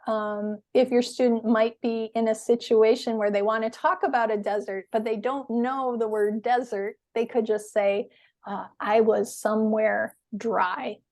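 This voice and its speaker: A woman teaching English in a webinar, explaining words slowly and patiently with clear stress. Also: on the high side, darkish tone.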